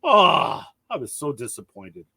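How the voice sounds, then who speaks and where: Animated man hosting a stream. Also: fairly high pitch, a little slow, vocal fry, crowd noise. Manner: animated, laughs easily. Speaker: podcast host. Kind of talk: casual chat on a stream.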